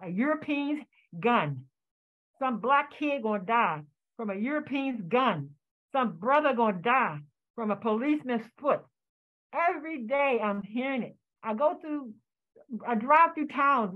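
Older woman, emotional, tinny call audio. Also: fairly high pitch. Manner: impassioned, repeating herself, voice rising. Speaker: community descendant speaking on a panel. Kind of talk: emotional testimony. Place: home, joining by video call. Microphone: video call.

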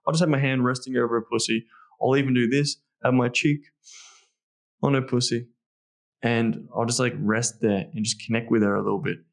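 A man speaking as a podcast guest and intimacy coach. He talks in a casual, animated way, blunt and profane, with lots of fillers. His voice sits at a medium pitch for a man. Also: brisk, vocal fry.

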